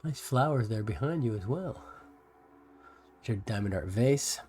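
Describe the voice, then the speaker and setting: An easygoing man with a soft US West Coast American accent, casually talking to his livestream viewers as he paints. His voice sits on the low side. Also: animated, moderate pace, breathy edge. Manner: easygoing, chatting to viewers while working. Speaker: livestream host.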